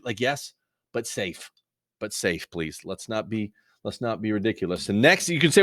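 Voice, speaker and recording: A man's voice: fairly low pitch, very animated, normal speed, fairly bright tone, no room sound. A man teaching a recorded video lesson in a rambling, joking, conversational way into a close mic.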